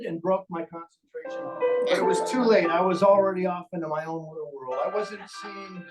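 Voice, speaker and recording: A man's voice: high voice, a little fast, distant mic, loud music behind the voice, rough recording. A man, a ventriloquist and entertainer, telling funny stories live to an audience in a playful, chatty way that teases the crowd. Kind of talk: live comedic storytelling to an audience. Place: stage in a large hall.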